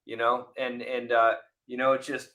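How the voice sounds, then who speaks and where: Forties male guest, bright tone, lively anecdotal storyteller in a relaxed interview. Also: medium pitch, moderate pace, muffled recording. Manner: animated storyteller, acts out voices in anecdotes. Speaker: podcast guest, former Navy SEAL officer. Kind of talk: casual interview chat.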